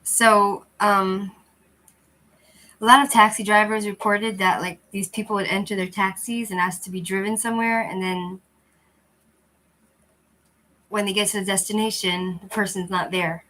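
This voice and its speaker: A woman hosts a casual livestream, chatting with viewers through a cheap, lousy mic that gives a rough recording. Her mid-range voice is flat and sharp at normal speed, and she pauses often. She rambles in a loose, chatty way and keeps restarting.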